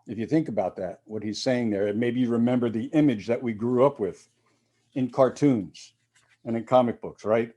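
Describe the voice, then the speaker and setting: A man's voice: medium pitch, warm tone. A male minister giving a reflective sermon, with quoted readings and casual asides.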